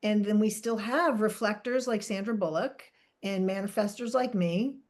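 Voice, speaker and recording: At normal speed, a woman with a medium-pitched, slightly mellow voice co-hosts a podcast in relaxed conversation. She talks plenty, laughs often, interrupts herself and tends to go off on tangents.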